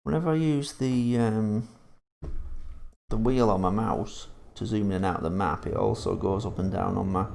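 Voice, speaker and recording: A man's voice: lowish voice, moderate pace, creaky, a little mellow. A man chatting casually on a live stream while playing a trucking game, swearing freely and reading viewer comments aloud.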